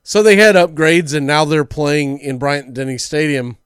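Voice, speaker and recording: Male sports radio host, chatty storyteller, slightly high voice, dry close mic. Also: steady tone, moderate pace, clear, resonant tone, no room sound. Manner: storytelling, chatty with small slips.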